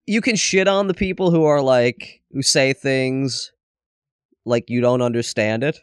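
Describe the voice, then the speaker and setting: A man's voice: medium pitch, a little slow, clear, resonant tone, no room sound, studio quality. A man co-hosting a podcast in casual chat, hungover, joking and laughing often. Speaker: podcast co-host.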